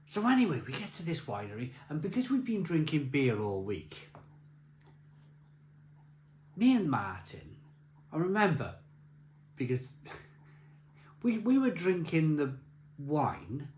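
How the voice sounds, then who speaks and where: A man's voice: a little high, big pitch swings, slow pace, pauses often, darkish tone, slight background noise. A man telling a rambling, laughing anecdote as a beer vlogger, with many restarts. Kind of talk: casual anecdote. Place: beer festival. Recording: roomy echo with faint ambience.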